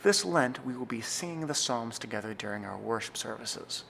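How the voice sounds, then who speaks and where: A young man explains church singing in a measured, earnest teaching voice. His mid-range tone carries a gravelly edge of vocal fry. A faint hiss of noise sits under the recording. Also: medium pitch, lively intonation, fairly bright tone. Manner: measured, earnest, reads slowly and deliberately in demonstrations. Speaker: church music director. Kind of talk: scripted instructional talk.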